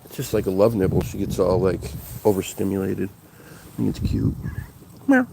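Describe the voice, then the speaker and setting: A man's voice: sits low, steady tone, moderate pace, gravelly. A man hosting his paranormal investigation show, chatting casually and thinking aloud to his viewers in a rambling way. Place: at home, partly outdoors by the pets' houses. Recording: noisy home recording.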